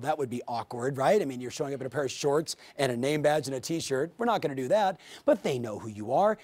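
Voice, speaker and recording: Middle-aged guy running a sales training, pitch jumps all over, upbeat coaching voice, acts out little dialogues. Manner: energetic, animated coaching with acted-out sample dialogues. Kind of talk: training video lecture.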